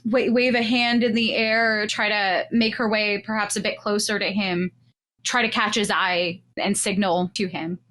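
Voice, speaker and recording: A woman's voice: medium pitch, steady tone, moderate pace, a bit bright. A woman playing in a tabletop game, talking in a hesitant, casual way. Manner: hesitant, giggly. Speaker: player.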